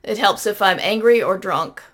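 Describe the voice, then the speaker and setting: A woman's voice: medium pitch, expressive, normal speed, fairly bright tone. A woman from the American South with a Southern accent chats casually as a podcast co-host. She tells anecdotes and often catches and corrects her own words, in a mid-range voice. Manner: chatty, self-correcting anecdotes. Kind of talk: casual chat.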